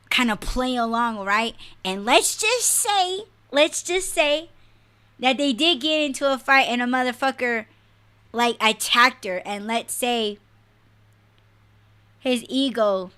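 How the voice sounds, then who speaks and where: A young adult woman talks on a livestream podcast. Her voice is bright and sits a little high. She rants bluntly and swears a lot in loose, animated chat. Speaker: podcast co-host. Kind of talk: casual livestream podcast rant.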